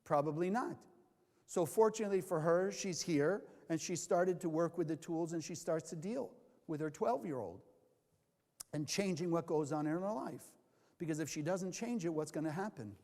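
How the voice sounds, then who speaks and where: A man's voice: a little high, moderate pace, darkish tone. A man from California teaching a Kabbalah class, asking the audience questions and answering them himself. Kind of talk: lecture to a live class. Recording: long hall reverb.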